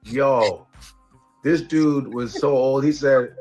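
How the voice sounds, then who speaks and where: A man telling a funny story on a live stream, animated and profane, laughing at his own jokes. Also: mid-range voice, takes it slowly, soft background music.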